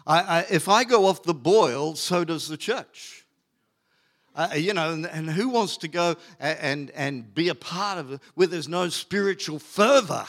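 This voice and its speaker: A middle-aged man preaches a sermon from the pulpit. His voice sits a little high for a man. He leans hard on key words and stretches them out, with plenty of fillers and restarts in between. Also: expressive, a little slow, fairly bright tone. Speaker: pastor.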